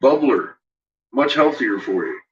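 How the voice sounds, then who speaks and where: A man's voice: animated, unhurried. A man vlogging casually from home, rambling and swearing as he chats. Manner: rambling, swearing, talks to his dogs in a high teasing voice. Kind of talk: casual home vlog chat. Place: home with barking dogs. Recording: dull lo-fi home recording with clear background noise.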